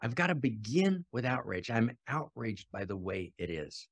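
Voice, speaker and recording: A man hosting a spiritual teaching podcast, speaking passionately and shifting between loud exhortation and quiet, intimate asides, often repeating phrases for emphasis. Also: mid-range voice, big pitch swings, normal speed, slightly rough, no room sound. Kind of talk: impassioned teaching talk.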